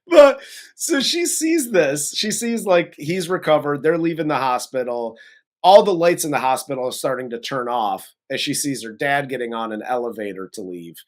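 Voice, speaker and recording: A co-host of a movie review show in casual chat, recapping the plot in an animated, giggly way. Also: medium pitch, moderate pace.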